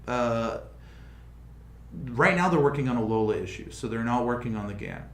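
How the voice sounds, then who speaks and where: A man's voice: mid-range voice, animated, normal speed, roomy sound. A man hosting a casual livestream, thinking aloud with frequent restarts as he explains how a project is going. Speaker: livestream host.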